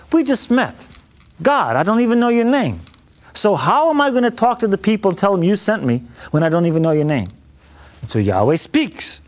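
Animated man preaching with a lively voice. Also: high voice. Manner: animated, acts out dialogue with humor. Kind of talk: lively Bible teaching.

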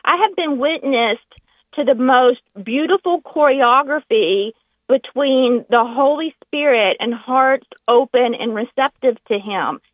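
A Southern woman calls in to a radio show, heartfelt and halting, often restarting her sentences. Her slightly high voice comes through a tinny, dry phone line. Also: no room sound. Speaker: radio caller.

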